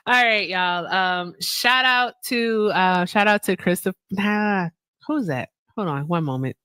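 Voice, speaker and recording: A woman's voice: medium pitch, measured pace, clear, resonant tone, no room sound. Chatty woman livestream host, dry sound. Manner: chatty, reads chat aloud with shout-outs. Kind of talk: casual live stream chat.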